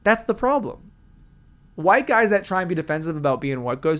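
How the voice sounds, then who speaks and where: Animated, crude male podcast ranter. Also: high-pitched, moderate pace. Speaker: podcast host. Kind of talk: solo comedic podcast rant.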